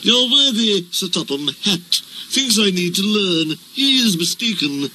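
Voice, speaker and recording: A man's voice: high voice, big pitch swings, unhurried, pushed and bright, a little hiss or hum, voice pushed up, full character voice, low-quality recording. A man doing Diesel, an oily, purring, smug engine. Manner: pompous, ingratiating. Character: smooth-talking boastful male diesel engine.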